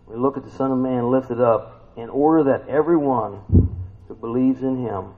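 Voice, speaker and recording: A man's voice: mid-range voice, normal speed. A man preaching an informal sermon, reading scripture aloud and talking it through with his listeners, asking them questions and acting out what people say. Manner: conversational, asks the listeners questions, acts out quotes. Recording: tinny phone-like sound.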